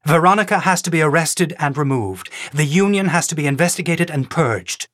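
A man voicing a sharp, impatient woman official who speaks in a forceful, cutting way. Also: fairly high pitch, brisk, dry recording, studio quality, pitched above the performer's own voice, close to an everyday voice. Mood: insistent.

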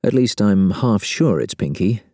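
A man's voice: lowish voice, expressive, a little slow, mellow, breathy edge, no room sound, studio quality. A man narrating a first-person novel in a wry, sardonic manner as an audiobook reader.

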